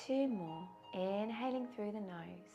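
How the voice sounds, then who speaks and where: Gravelly-voiced woman guiding a calm yoga class. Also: mid-range voice. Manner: slow soothing guidance with audible sighs. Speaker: yoga teacher. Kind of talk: guided yoga class instruction. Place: indoors, windy weather outside.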